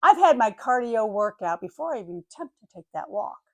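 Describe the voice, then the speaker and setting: An older woman chatting casually on her vlog, telling a story in an animated way and acting out the voices of the people and animals in it. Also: fairly high pitch, brisk, no room sound. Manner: animated, acts out voices of dogs and neighbors. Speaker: vlogger.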